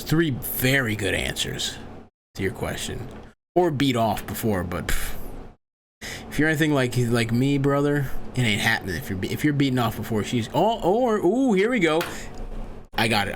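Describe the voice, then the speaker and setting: A man's voice: mid-range voice, a little hiss or hum. A man hosting a comedic call-in advice show, crude, profane and rambling, full of boisterous asides. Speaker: host.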